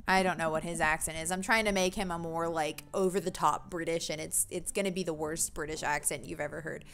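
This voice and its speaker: A woman's voice: low voice, fairly even intonation, a little fast, gravelly, hardly any pauses, a bit bright, slight background noise. A woman streaming a dating game, reading the text aloud with giggly, self-mocking asides. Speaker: let's-play streamer.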